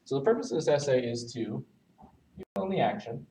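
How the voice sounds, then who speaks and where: A man teaching essay structure, talking while he writes on a board and pausing to correct himself. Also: mid-range voice, sing-song, warm tone, far from the mic, slight background noise, low-quality recording. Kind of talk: recorded writing lesson.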